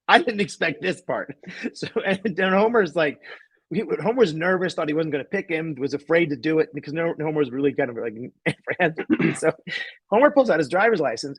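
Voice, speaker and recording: A man's voice: on the high side, big pitch swings, moderate pace, slightly rough, no echo. A man, a guest magician, telling a rambling anecdote in casual chat, laughing often and restarting sentences.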